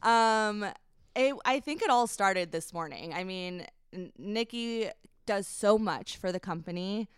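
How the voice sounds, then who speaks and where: A woman's voice: medium pitch, lively intonation, unhurried, clean tone, dry recording, studio quality. A woman in her twenties, a guest on a podcast, telling a personal story in a hesitant, emotional way, full of likes and ums. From United States. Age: 20s. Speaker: guest, brand founder.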